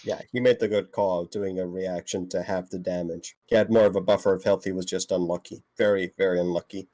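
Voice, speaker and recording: Tabletop player, male, lower pitch, dead-dry sound, easygoing commentary. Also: fairly even intonation, fairly quick, mellow, no echo. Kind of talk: casual chat at a tabletop game.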